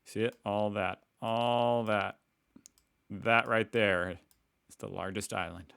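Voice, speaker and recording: Brief: American man reacting on camera, very low voice, dry close sound, loose and self-mocking. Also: steady tone, slow, vocal fry, fairly bright tone, smooth, no room sound. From United States. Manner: rambling, joking and self-mocking. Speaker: reaction video host. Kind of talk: casual reaction commentary.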